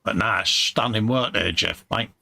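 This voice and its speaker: Gravelly man hosting a chat stream. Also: lowish voice, measured pace, pushed and bright. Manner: matey banter, reads out viewer comments. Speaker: live-stream host. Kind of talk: casual chat.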